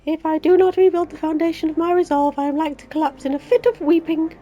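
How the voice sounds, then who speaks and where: A Yorkshire woman putting on a higher voice to read a grieving young woman leader's lines in a mock-solemn way. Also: quick pace, mellow, muffled recording. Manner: mock-solemn, archaic-sounding reading.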